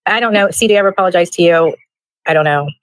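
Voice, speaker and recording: A woman's voice: on the low side, quick pace, dry recording. A woman guest on a stream speaking hesitantly and conciliatory.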